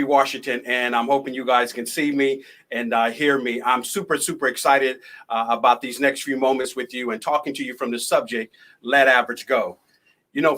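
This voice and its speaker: A man speaking as a motivational speaker, telling a personal story live in a conversational, lively way over a video call. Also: mid-range voice.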